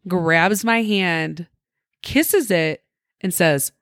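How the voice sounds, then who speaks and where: This young woman is co-hosting a casual podcast and telling a story, swinging her pitch up and down as she acts out the people in it. Her voice sits at a middle height, and the recording is dry and close with no room sound. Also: very slow, no room sound. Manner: animated, laughing, acts out quoted people. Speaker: podcast co-host.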